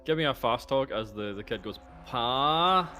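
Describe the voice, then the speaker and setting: A man's voice: fairly low pitch, brisk. Man running a tabletop game. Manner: relaxed narration full of fillers, briefly voicing characters. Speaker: game master. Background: faint background music.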